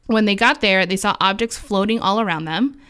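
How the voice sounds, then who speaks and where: A woman's voice: mid-range voice, a little fast, bright, forceful tone, clean tone. A woman co-hosting a podcast, telling a ghost story in a casual, chatty way with lots of fillers. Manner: chatty, full of likes and fillers, laughs often.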